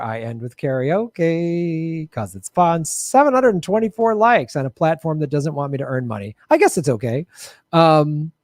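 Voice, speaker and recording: A man's voice: fairly high pitch, darkish tone, dry recording, studio quality. Chatty man hosting a livestream. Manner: loose, chatty, laughs often, thanks viewers by name. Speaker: livestream show host. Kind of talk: casual livestream sign-off chat.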